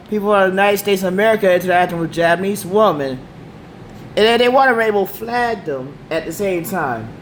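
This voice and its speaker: This to-camera rant comes from a man with damaged vocal cords, his voice sitting high with a fairly bright tone. He rambles, repeats himself, and talks in slang, over a bit of hiss or hum.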